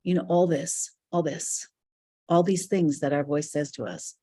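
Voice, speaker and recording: Mellow, husky woman teaching online. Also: sits low, steady tone, measured pace. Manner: earnest, reflective, speaks in loose flowing phrases. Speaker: spiritual teacher leading an online class. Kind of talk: live online teaching session.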